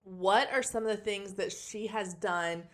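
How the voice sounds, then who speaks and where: A woman in her forties hosting a solo podcast, slightly hoarse from losing her voice, talking in a chatty, candid way with frequent ums, on a backup podcast microphone. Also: medium pitch, measured pace. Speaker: podcast host and photography marketing coach. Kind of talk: casual solo podcast talk.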